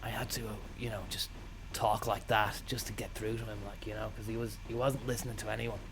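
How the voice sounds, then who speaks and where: Gravelly Irish man telling a profane comic story. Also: fairly low pitch, brisk, noisy background. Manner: profane, rambling, deadpan. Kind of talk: absurd comic monologue.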